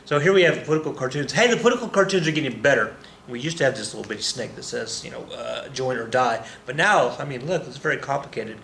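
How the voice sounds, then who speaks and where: A man's voice: mid-range voice, expressive, quick pace, creaky, fairly bright tone, roomy sound, a little hiss or hum. A male history teacher giving a casual, joking classroom lecture, often correcting himself as he talks to his students.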